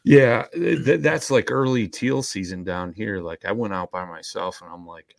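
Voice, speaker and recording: A man's voice: fairly low pitch, normal speed, gravelly, no echo, studio quality. An American man talking in a laid-back, slangy casual chat. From United States.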